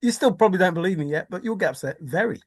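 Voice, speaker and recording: A woman talking through a treasure hunt solve in an excited solo monologue, theatrical and exclaiming, with mock despair and lots of repetition. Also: lowish voice, racing, breathy edge. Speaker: treasure hunt video maker.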